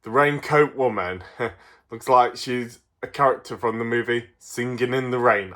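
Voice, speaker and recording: A man's voice: mid-range voice, unhurried, a bit bright. A man from Derbyshire with a Derbyshire English accent, chatting through a casual toy review with frequent chuckles and fillers. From Derbyshire, England.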